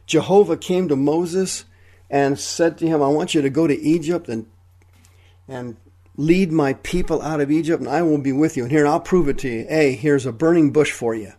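A male radio preacher with a mellow, darkish tone sitting somewhat high in his range. He retells Bible stories in everyday, folksy language and keeps asking the listeners pointed rhetorical questions. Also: moderate pace. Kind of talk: radio sermon.

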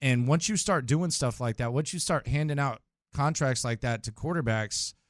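A man's voice: mid-range voice, moderate pace, dry recording, clean studio sound. A man hosting a sports radio show, giving his opinions in a conversational, opinionated way. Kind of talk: casual sports talk.

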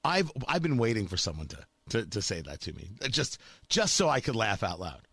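A man's voice: on the low side, huge pitch swings, normal speed, a bit bright, slightly rough, dry recording. A man delivering a sarcastic, combative opinion monologue as a talk show host.

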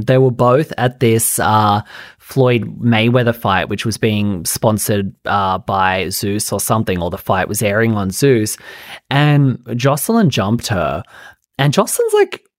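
A man hosts a podcast in a loose, gossipy chat, his talk studded with "like" and quick asides. His voice sits at an ordinary middle pitch. The sound is dry and close, with no room around it. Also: no room sound. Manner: chatty, gossipy, lots of "like" fillers. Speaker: podcast host.

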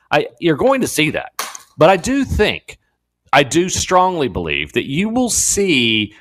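A man hosting a talk radio show, giving a digressive opinion monologue with frequent restarts. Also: mid-range voice. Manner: animated, digressive, many restarts. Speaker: guest radio host. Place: radio studio.

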